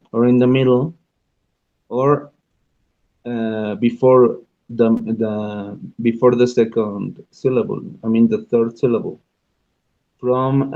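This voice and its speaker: Slow, halting man with a Spanish-speaking background. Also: mid-range voice, warm tone, lo-fi sound. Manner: halting, many restarts and fillers, thinking aloud. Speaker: radio show host. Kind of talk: unscripted radio talk about learning languages.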